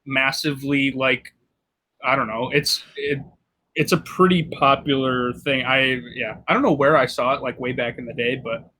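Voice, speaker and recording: A man's voice: mid-range voice, steady tone, normal speed, bright, forceful tone. A man co-hosting a podcast, rambling through a story in casual banter with lots of filler words. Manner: rambling, filler-heavy, self-correcting. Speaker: podcast co-host.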